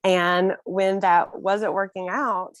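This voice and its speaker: A woman's voice: medium pitch, fairly even intonation, takes it slowly, no echo. A young woman guest in a casual interview, telling her own story earnestly and emotionally, often breaking into small laughs.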